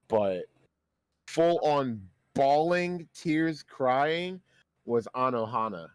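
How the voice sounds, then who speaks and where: Chill young dude cohosting a podcast, swears lots, average pitch, dry sound. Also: male voice, expressive, slow, dry recording. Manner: laid-back, swears a lot, laughs easily. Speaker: podcast co-host. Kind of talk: casual chat.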